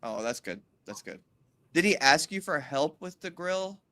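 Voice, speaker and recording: A woman co-hosting a podcast, chatting casually in an animated way, swearing and cutting in often. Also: sits low. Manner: animated, swearing, quick interruptions. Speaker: podcast co-host. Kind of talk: casual chat.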